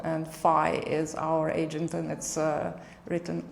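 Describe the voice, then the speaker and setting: A woman who founded a tech company, speaking as a podcast guest in a brisk, confident way, often saying "you know". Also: low voice, monotone, gravelly, slight background noise. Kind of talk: conversational interview.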